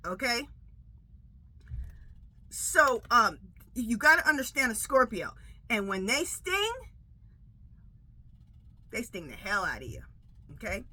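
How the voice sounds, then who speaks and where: Animated woman tarot reader, lively pitch. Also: low-quality recording. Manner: animated storytelling, repeats "okay?". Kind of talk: casual chat.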